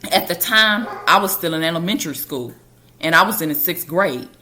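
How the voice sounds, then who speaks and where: A woman's voice: on the low side, expressive, brisk, pushed and bright. A woman hosting a podcast, telling a personal story in a casual, conversational way. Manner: casual and conversational, with loose colloquial grammar.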